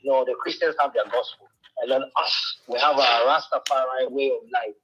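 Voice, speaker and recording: A man, a reggae artist, talking about his music in a radio interview, animated and storytelling. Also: medium pitch, brisk, husky, highs cut off. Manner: animated storytelling, mimics others' voices.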